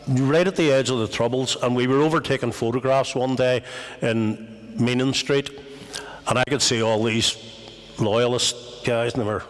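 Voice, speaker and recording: Northern Irish male speaker, wry anecdotal talk, mid pitch, long hall reverb. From West Belfast, Northern Ireland. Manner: storytelling, wry humour, asides and restarts. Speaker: speaker at a community event. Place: meeting house.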